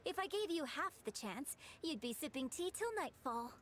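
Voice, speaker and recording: A woman voicing a composed, strict young opera mentor in a game who talks in a poised, measured way. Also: high-pitched, expressive, a little hiss or hum.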